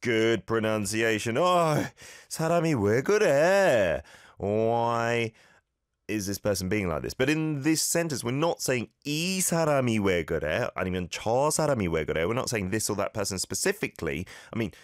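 A man with a fairly low voice hosts a relaxed language lesson. He talks in a chatty, playful way and repeats phrases aloud for listeners to copy. The sound is dry and close, with no room echo. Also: very fast, few pauses. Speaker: podcast host teaching Korean.

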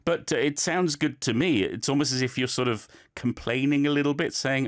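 A man's voice: mid-range voice, big pitch swings, moderate pace, hardly any pauses. A man teaching, giving chatty, encouraging feedback on learners' recorded clips with plenty of fillers.

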